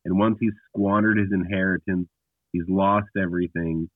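Over a tinny, phone-like line with no room sound, a deep-voiced man appears as a podcast guest discussing scripture casually. His intonation is fairly even and his speed normal, and he is a blunt, emphatic storyteller who keeps restarting.

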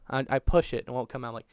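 A man's voice: medium pitch, clear, resonant tone, dry recording. A young man telling a crude, rambling story on a casual podcast, swearing constantly and restarting his sentences. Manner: profane, rambling, restarts a lot.

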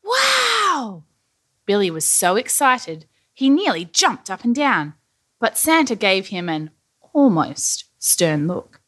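Slow, animated woman reading a children's story. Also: medium pitch, no room sound, clean studio sound. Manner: lively, animated, slow-paced narration.

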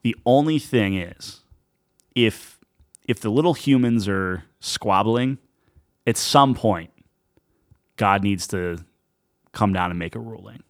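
Young male co-host, lowish voice, casual and filler-heavy, dry room. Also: takes it slowly, long pauses, dry recording. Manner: loose, filler-heavy, lots of "like". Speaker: podcast co-host. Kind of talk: casual chat.

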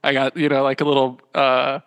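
A man's voice: medium pitch, monotone, a bit bright, smooth. Young man rambling in a reverberant room. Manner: rambling, halting, full of fillers and self-corrections. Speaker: podcast guest, small business owner. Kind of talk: casual interview chat. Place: small room at home with a loft bed.

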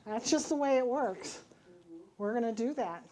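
A middle-aged woman speaks in an earnest, emphatic church testimony style, her voice sitting a little high. She teaches from scripture and tells her story with conviction, acting out the dialogue. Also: lively intonation, normal speed, warm tone. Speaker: Bible teacher giving a testimony.

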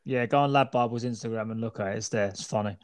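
A man chatting on a casual podcast, rambling and swearing a lot with animated delivery. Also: on the low side, quick pace, smooth. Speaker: podcast co-host.

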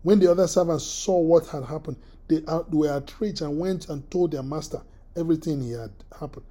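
A preacher giving a sermon, halting and repeating words, often clearing the throat and putting questions to the listeners. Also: mid-range voice, warm tone.

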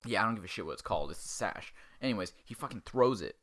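A man hosting a podcast, giving a crude, sarcastic comic recap of a film and acting out the characters in quick asides. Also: lowish voice, animated, fairly bright tone. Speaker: podcast host.

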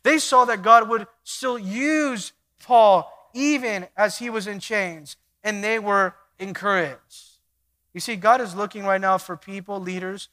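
A man preaching a sermon, swinging between quiet stretches and loud emphatic bursts, acting out little dialogues. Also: high voice. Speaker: pastor.

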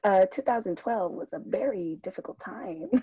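Young woman, twenties, husky and giggly, casual chat. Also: medium pitch, moderate pace, no echo. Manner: giggly, animated storytelling. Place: outdoors in sun.

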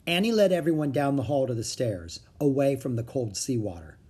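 Guy reading a kids chapter book out loud, husky, really animated. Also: mid-range voice, a little fast. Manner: expressive, dramatic storytelling. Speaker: narrator.

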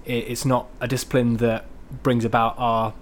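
A man on a podcast, talking thoughtfully about faith with many pauses and restarts. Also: medium pitch, little pitch movement, a little hiss or hum. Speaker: podcast guest. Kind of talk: casual chat on faith.

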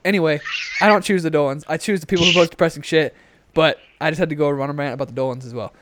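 A man's voice: a little high, rapid-fire, background noise. A young man co-hosting a podcast, chatting casually and ranting with plenty of swearing, recorded on a headset. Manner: ranting, profane, animated. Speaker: podcast co-host.

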